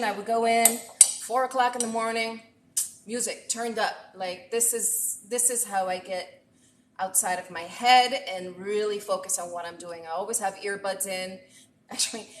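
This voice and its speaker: Talkative middle-aged woman chef streaming from her home kitchen, boomy room sound. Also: a little hiss or hum. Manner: talkative, chatty, thanks viewers often. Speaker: chef and cooking live-streamer. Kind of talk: live-streamed cooking chat. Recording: echoey room.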